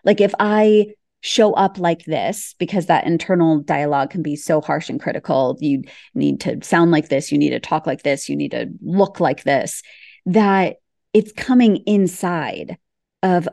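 A woman's voice: sits low, a little slow, gravelly, darkish tone, no echo, studio quality. A woman hosting a podcast conversation, reflective, summing up what she heard from her guest. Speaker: podcast host.

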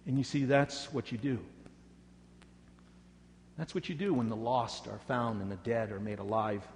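A man preaching a sermon, swinging dramatically between loud emphasis and hushed words. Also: medium pitch, moderate pace, slight background noise. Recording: echoey hall reverb.

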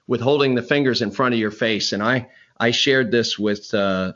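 A middle-aged golf instructor tells rambling anecdotes in a podcast interview, frequently restarting and acting out quotes. His voice is lowish with a fairly bright tone, and the sound is lo-fi.

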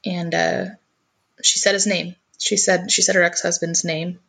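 Earnest woman with a lowish voice. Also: level tone, a little slow, creaky, fairly bright tone. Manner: earnest, often repeats her first words. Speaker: guest telling her life story. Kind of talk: personal storytelling in conversation.

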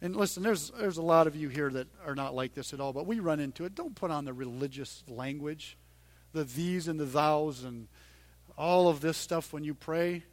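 A middle-aged man preaching a sermon in a conversational way, dropping to a hush and then rising loud and emphatic. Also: fairly high pitch, normal speed, no echo. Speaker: pastor.

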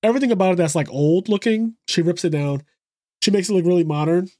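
A man's voice: sits high, fast, darkish tone, dry recording, studio quality. A man co-hosting a podcast, recapping a show in a loose, profane way and acting out the characters' lines. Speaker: podcast co-host.

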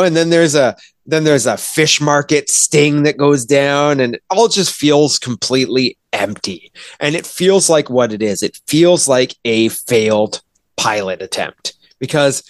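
A man's voice: on the high side, no echo. Rambling, profane man in a dry recording. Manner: rambling, full of fillers and swearing. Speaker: podcast host reviewing films. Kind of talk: casual chat.

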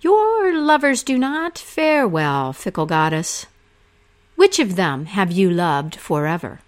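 A woman voicing a proud, blunt young male king in a told myth, speaking slowly and deliberately. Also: lowish voice, very animated. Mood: defiant.

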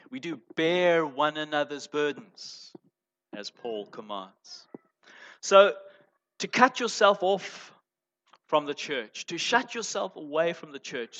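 A man preaching a sermon as pastor, emphatic, moving between loud stressed phrases and quiet asides. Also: fairly high pitch. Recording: dull lo-fi sound.

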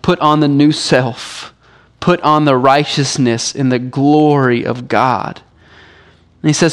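A male pastor delivering a sermon in a relaxed, conversational way, often dropping in "like" as he speaks. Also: mid-range voice, slow pace. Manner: casual, conversational preaching with frequent "like".

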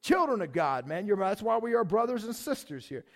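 A man preaching a sermon in a conversational, animated way, asking the congregation questions. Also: high voice, a little fast. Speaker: pastor.

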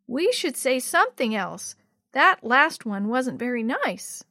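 An eager small girl speaks up high and slow, as a woman reading a storybook puts her on. Each line comes out earnest and a little drawn out. The sound is dry and close, with no room around it. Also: sing-song, sharp tone, no echo, exaggerated voice. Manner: earnest, drawn-out childlike delivery.

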